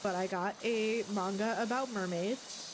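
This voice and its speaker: A young woman in casual chat as a co-streamer, mostly giving short relaxed reactions. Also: medium pitch, measured pace, noisy background.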